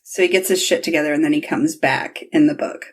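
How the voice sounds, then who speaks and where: A woman hosting a casual podcast chat, retelling scenes with lively acted-out quotes and reading book passages aloud. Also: low voice, fairly quick, slightly rough. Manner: animated, acts out characters' lines in quotes. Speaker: podcast host.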